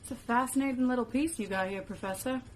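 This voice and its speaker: A woman's voice: on the high side, quick pace, slight background noise, natural voice. A woman playing a folksy wizard professor. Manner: casual and folksy, drawling. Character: laid-back female wizard professor, wandlore expert. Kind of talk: fan-made web drama.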